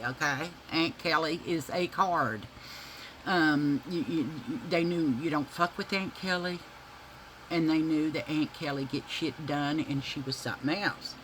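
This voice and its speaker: Bright-voiced woman telling a laughing story. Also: low voice, a little slow, a little hiss or hum, low-quality recording. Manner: profane, laughs through her story; chatty, folksy, addresses viewers as y'all. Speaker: vlogger telling a family story. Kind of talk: casual storytelling to viewers.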